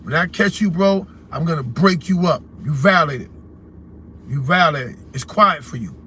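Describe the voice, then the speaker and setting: A man's voice: on the high side, lively intonation, unhurried, sharp tone, slight background noise. A man with a New York accent hosting a call-in livestream, talking bluntly and confrontationally in street slang. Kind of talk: heated casual livestream rant.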